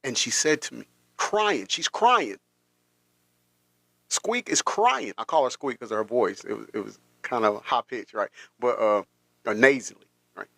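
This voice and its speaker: A man hosting a podcast, telling a personal story in a halting, emotional way with many restarts. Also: lowish voice, creaky, fairly bright tone, dry recording. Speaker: podcast host.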